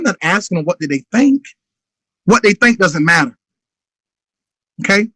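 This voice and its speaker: A man in his thirties gives a motivational business talk, pressing every point with urgency. His voice sits high and rings bright. The sound is dry and close. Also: sing-song, moderate pace, long pauses, breathy edge, dry recording, poor audio. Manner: urgent, emphatic, acts out phone calls. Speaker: motivational speaker.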